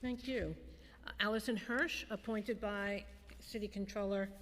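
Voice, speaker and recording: A woman's voice: medium pitch, fairly even intonation, unhurried, a bit bright. Woman chairing a meeting, long hall reverb. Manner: gracious, lightly humorous. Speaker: commission chair. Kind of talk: formal meeting introductions. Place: public meeting in a city hall chamber. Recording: long reverb in a large chamber.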